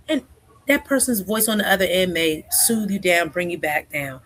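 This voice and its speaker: Chatty woman counselor, low-pitched. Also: lively intonation, moderate pace, fairly bright tone, a little hiss or hum. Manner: chatty, keeps asking "right?", acts out quoted speech. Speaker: guest counselor. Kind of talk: casual conversational interview.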